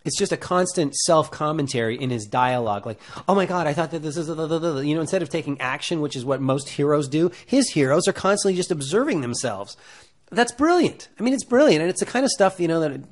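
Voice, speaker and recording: A man giving acting advice in a loose, rambling talk full of fillers and restarts, getting animated as he goes. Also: on the high side, a little fast. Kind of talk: casual talk to camera.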